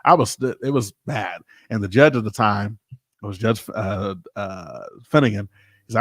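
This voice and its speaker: Storytelling pastor with a dry sound. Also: male voice, lowish voice, moderate pace, no echo. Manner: animated, informal, acts out quoted people. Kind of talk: casual storytelling.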